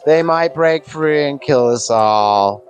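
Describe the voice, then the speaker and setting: A game master voicing a pompous gnome carnival showman who announces a caged devil in slow, booming, theatrical tones. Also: animated, faint music behind. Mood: grandiose.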